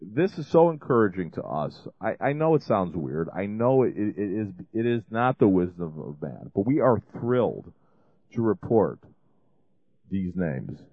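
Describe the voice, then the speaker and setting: A man's voice: on the low side, sing-song, unhurried, no room sound. A man hosting a ministry show, making a rambling fundraising appeal full of restarts and fillers. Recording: dry, phone-like lo-fi sound.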